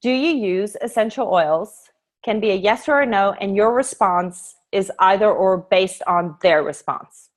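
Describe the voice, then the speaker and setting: A woman leading an online sales training, talking through her table pitch in a brisk, chatty way and acting out what she says to customers, heard over a video call. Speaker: essential oils sales trainer. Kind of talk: casual screen-share training talk.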